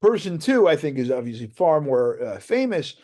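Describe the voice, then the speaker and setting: A man delivering a university lecture with an expressive, swooping voice pitched a little high. He talks like he's telling a story, tossing in fillers and "right?" checks as he goes. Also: moderate pace. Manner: animated storytelling with many fillers and "right?" tags. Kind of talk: academic lecture. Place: lecture hall.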